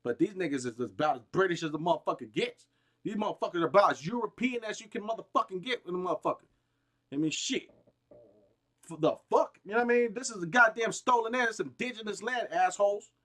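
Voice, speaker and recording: A gaming streamer delivering a heated, rambling, profane rant, restarting sentences often and bursting out with emphasis. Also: male voice, sits high, lively intonation, fast talker, fairly bright tone. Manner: agitated, emphatic outbursts.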